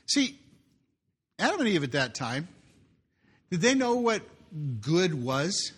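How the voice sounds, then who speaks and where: Animated, bright-voiced male preacher. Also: sits high, slow, breathy edge. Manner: animated, jokey asides, reads scripture aloud. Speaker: pastor. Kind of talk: sermon.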